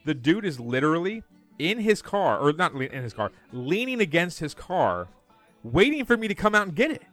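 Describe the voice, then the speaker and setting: A man's voice: a little high, moderate pace, faint music behind. A man co-hosting a podcast, telling a story in a casual chat and acting out the quoted lines. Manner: animated storytelling, acts out quoted dialogue. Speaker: podcast co-host.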